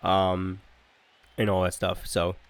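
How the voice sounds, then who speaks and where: A man's voice: low voice, completely flat delivery, slow. A man from Ontario with a Canadian accent, chatting casually over gameplay as a gaming creator, rambling with lots of "like" and "um" and many restarts. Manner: rambling, heavy use of "like" and "um", frequent restarts.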